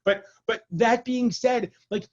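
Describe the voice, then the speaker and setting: Through dull audio comes a very high-pitched male voice speaking slowly. It belongs to a rabbi running an informal adult class by video call, talking conversationally, checking in with "right?" and making jokes at his own expense.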